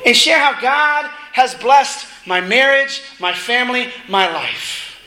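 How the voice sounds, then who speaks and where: A middle-aged man preaching a sermon, telling a family story in a casual, animated way with laughing asides. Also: very high-pitched, takes it slowly. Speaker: minister. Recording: echoey room with faint noise.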